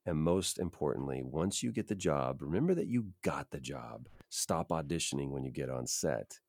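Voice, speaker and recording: Very deep-voiced man giving earnest advice. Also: animated, moderate pace, creaky, darkish tone, no room sound, clean studio sound. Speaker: voice actor, podcast guest. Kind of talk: reflective interview talk.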